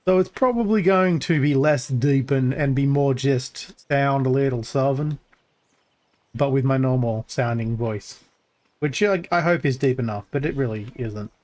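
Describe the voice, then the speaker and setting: A man's voice: measured pace, a little mellow. A man casually narrating his gameplay as a streamer, thinking aloud with lots of fillers and restarts. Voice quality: voice gets crackly when pushed deep.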